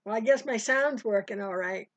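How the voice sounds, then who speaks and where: An older woman's slightly high voice moves at a moderate pace as she runs a casual live sewing stitch-along, rambling and greeting viewers individually. No room sound is audible, and the stream audio is dry, dull and lo-fi.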